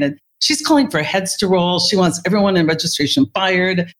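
A woman who leads in healthcare, telling a workplace story in an interview in an animated, vivid way. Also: fairly low pitch, brisk. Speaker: healthcare leader.

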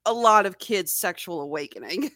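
A young woman guesting on a movie-review podcast, tossing in quick, teasing quips. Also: on the low side, lively intonation, bright, forceful tone, no echo, studio quality. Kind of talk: casual movie-review chat.

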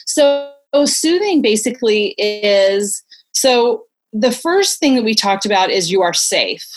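A woman's voice: medium pitch, very animated, takes it slowly, soft background music. A woman in her forties, a parenting expert guest, explaining ideas in an earnest, conversational way with many "you know"s.

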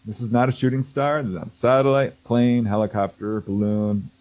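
A man's voice: medium pitch, fairly even intonation, brisk, a little mellow, rough recording. A man telling a story in casual conversation as a guest, acting out quoted voices and laughing often. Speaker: guest, researcher of contact stories.

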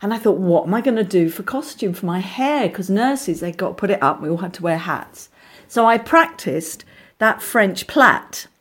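Give me an actress recalling stories in a casual interview, animated and full of asides. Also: female voice, medium pitch, normal speed, breathy edge. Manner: animated storyteller, many restarts, acts out voices. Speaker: actress guest.

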